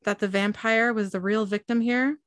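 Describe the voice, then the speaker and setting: A woman's voice: medium pitch, steady tone, normal speed, dry recording, lightly acted. Bitter accusing man, a woman reading the lines, dry sound. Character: angry, bitter adult brother.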